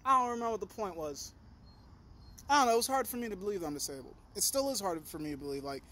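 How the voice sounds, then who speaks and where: A young man with a notably high voice talks straight into the camera in a loose, rambling vlog. He swears freely, jumps from one thought to the next and gets animated as he goes. A faint background hum sits under his voice. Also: fast talker. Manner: profane, animated, digressive; talks in a high sing-song to his dog. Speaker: vlogger. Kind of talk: rambling casual monologue.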